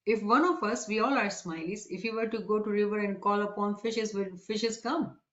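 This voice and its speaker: A woman preacher telling a story in a sermon, animated and asking questions, with frequent fillers. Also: mid-range voice, normal speed. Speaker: religious preacher. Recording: echoey room, dull lo-fi sound.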